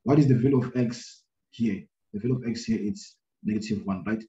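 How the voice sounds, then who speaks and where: A man teaching a maths lesson, talking his way through a graph problem out loud, with many fillers and a habit of checking "right?" after each step. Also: on the low side, fairly quick. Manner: thinking aloud, many fillers and repeated "right?". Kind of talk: screen-recorded maths lesson. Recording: roomy, dull lo-fi sound.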